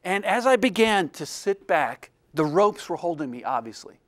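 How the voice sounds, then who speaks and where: A man, an illustration professor, telling a personal story in a lecture to a room of students, animated and self-deprecating, acting out the voices of the people in it. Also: sits high, normal speed.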